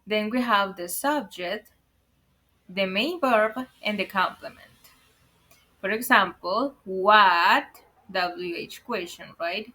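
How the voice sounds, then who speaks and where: A woman's voice: medium pitch, takes it slowly, bright, forceful tone, rough recording. A woman teaching English online, explaining word order carefully to viewers she calls guys, speaking English as a second language. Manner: careful explanations, repeated warnings to be careful.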